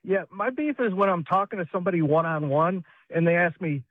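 A man's voice: high-pitched, a little fast, hardly any pauses, no room sound. A man calling into a radio show, ranting sarcastically and mimicking people. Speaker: caller. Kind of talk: phoned-in rant. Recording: tinny dry phone line.

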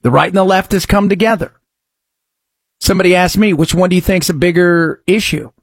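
A man's voice: high voice, fairly quick, gravelly, no echo. A man delivering emphatic opinion commentary, full of rhetorical questions and frequent restarts.

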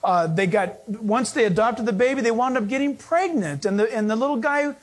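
A man preaching a sermon with a notably high voice. His tone is husky, and he tells stories in an animated way, acting out quotes. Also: a little fast. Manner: animated storytelling, acts out quotes. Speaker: pastor.

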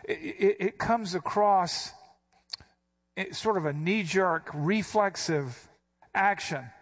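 A man's voice: high-pitched, slow. Emphatic man teaching scripture. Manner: emphatic, repeats quoted lines with sharp stress. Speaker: preacher. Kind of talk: verse-by-verse Bible teaching.

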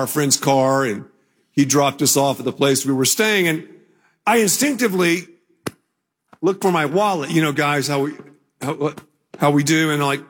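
Husky-voiced older pastor in a reverberant hall. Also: male voice, a little high. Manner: conversational storytelling, rising to emphatic proclamation. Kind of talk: sermon.

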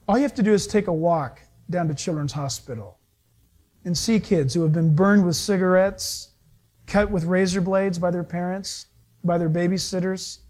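A male pastor preaching a sermon, animated, acting out little dialogues as he goes. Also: sits high.

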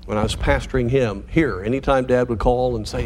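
A man preaching as a pastor in an earnest, pastoral tone. His voice sits in an ordinary middle pitch. He slows down to stress key points and moves quickly through asides. Faint ambient noise runs behind him. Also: steady tone, darkish tone. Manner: earnest, pastoral, shifts between slow emphasis and quick asides. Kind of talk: sermon.

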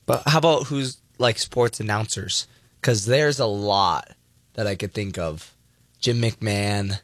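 A man's voice: fairly low pitch, a bit bright, dry recording. A young man co-hosting a radio show, chatting casually and filling his talk with "like". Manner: chatty, many likes, quick to laugh off. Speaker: radio co-host.

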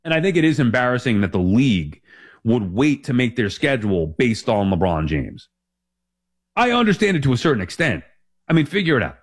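A man's voice: mid-range voice, very animated, fairly quick. A man in his forties hosting a sports talk show, rambling and emphatic as he corrects himself. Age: 40s.

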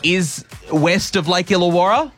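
A chatty man with an Australian accent hosts a radio quiz in a high, light voice. He teases and rambles casually over faint background music. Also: measured pace, a bit bright. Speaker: radio host.

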